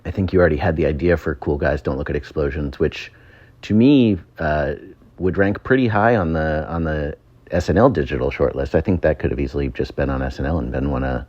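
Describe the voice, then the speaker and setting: Recorded as a phone voice note, a former show writer's bass voice moves a little fast with a darkish tone and lo-fi sound. He drifts through a casual story, chuckling and saying um a lot.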